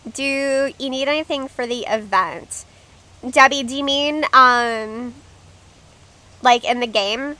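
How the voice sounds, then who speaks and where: A woman's voice: sits high, slow pace, sharp tone. A young woman hosting a casual game livestream, chatting with viewers and reading their comments aloud. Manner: chatty and giggly, reads out chat comments. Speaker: livestream host.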